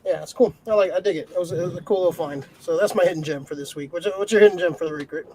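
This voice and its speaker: A man with a high voice for a man, co-hosting a relaxed podcast chat. He laughs a lot and drops casual curses along the way. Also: racing, a crowd in the background, rough recording. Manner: laid-back, laughs a lot, casual swearing. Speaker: podcast co-host.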